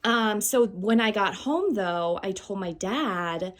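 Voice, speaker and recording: A woman's voice: medium pitch, animated, slow pace. A woman hosting a casual vlog in a vintage clothing storeroom, filmed on a phone. She tells a story and shows items in a rambling, chatty way, with many fillers and self-corrections, and she laughs easily. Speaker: vintage shop host showing items. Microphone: phone held by a helper.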